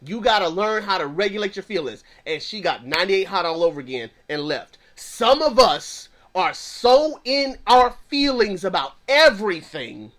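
A man with a high, bright, sharp voice preaches and teaches in an emphatic, repetitive cadence. His pace shifts between slow, stressed lines and quick runs. He speaks as a counselor.

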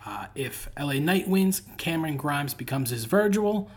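A man's voice: on the high side, animated, normal speed, husky. Dry sarcastic male podcast host. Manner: dry and sarcastic, frequent "uh" fillers and sighs. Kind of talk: casual solo recap monologue.

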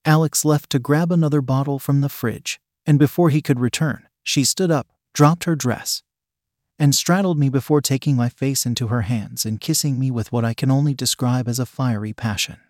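A man reading a story aloud in a steady, measured narration. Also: mid-range voice, no echo, studio quality.

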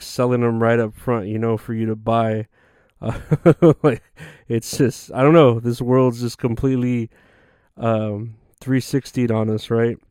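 A man's voice: medium pitch, darkish tone, clear, resonant tone, dry recording, studio quality. A man hosting a podcast in a casual, rambling, profane monologue full of filler words. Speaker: podcast host.

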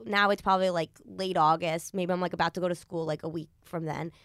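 A podcast host in her early twenties tells a personal story, rambling casually with lots of "like" and quoted inner thoughts. She speaks quickly in a fairly low, steady, slightly bright voice, recorded clean in a studio with no echo.

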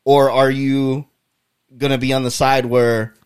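A man's voice: mid-range voice, little pitch movement, measured pace, smooth. A man hosting a podcast, leading the talk with loose questions, casual swearing and easy laughter. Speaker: podcast host.

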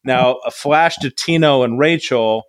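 A man's voice: mid-range voice, unhurried, no echo. A man co-hosting a casual podcast, recapping a reality show with rambling, dry sarcastic asides into a close mic. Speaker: podcast co-host.

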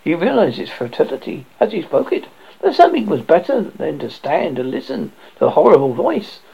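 Brief: horror host narrator, raspy and gravelly, lively pitch swings, muffled lo-fi sound. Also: male voice. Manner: halting, stumbling over words. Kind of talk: reading a ghost story aloud. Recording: dull lo-fi recording.

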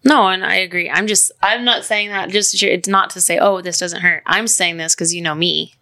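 A woman in her thirties hosts a heartfelt podcast chat at normal speed with no echo. Her low, rather bright voice has a gravelly vocal fry and a steady tone, and she rambles earnestly through winding stories.

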